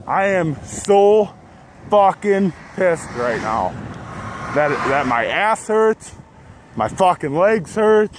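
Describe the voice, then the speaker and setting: Man, out of breath, sighing, swearing, outdoors on a road, clear wind and traffic noise. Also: high voice, animated, slow. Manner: frustrated, swearing, sighing between phrases. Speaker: vlogger. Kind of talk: venting monologue while cycling. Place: outdoors on a road, riding a bike.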